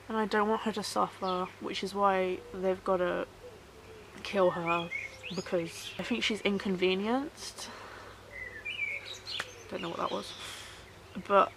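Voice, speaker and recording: Sad halting woman vlogging outdoors. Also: medium pitch, gravelly, background noise. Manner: soft, halting and sorrowful, repeating herself to stay calm. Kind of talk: casual personal vlog.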